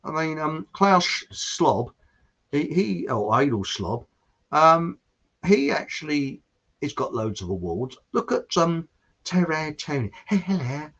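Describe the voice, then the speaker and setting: A man's voice: a little high, sing-song, measured pace, fairly bright tone. Older guy rambling and joking, voice jumps up and down a lot, dull lo-fi sound. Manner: jokey, chatty, self-interrupting storyteller. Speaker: host. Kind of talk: rambling monologue.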